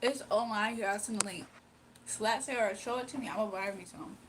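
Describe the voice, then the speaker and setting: A woman's voice: medium pitch, fairly quick, noisy background. A woman hosting a casual livestream, chatting playfully with viewers, reading their comments and laughing often. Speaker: livestream host.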